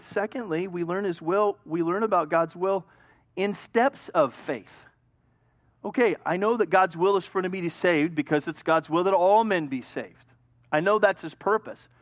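A man pastor preaching a sermon, swinging between loud emphasis and hushed storytelling. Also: a little high, no room sound.

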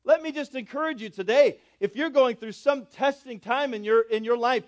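A pastor preaching a sermon, moving between loud, drawn-out emphasis and quiet, low asides, and asking his congregation questions. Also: a little hiss or hum. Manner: swings between loud emphatic lines and soft low asides, drawing out key words; asks the congregation questions and calls for responses.

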